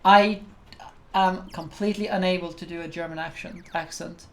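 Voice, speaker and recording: A woman's voice: lowish voice, steady tone, moderate pace. A woman giving casual, chatty let's-play commentary, self-deprecating and full of fillers. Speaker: game streamer.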